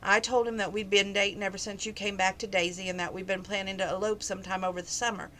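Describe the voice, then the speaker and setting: A woman reading aloud as a young ranch woman who is grieving and pleading in a hurried, tearful way. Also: medium pitch, little pitch movement, fairly bright tone, a little hiss or hum, natural voice.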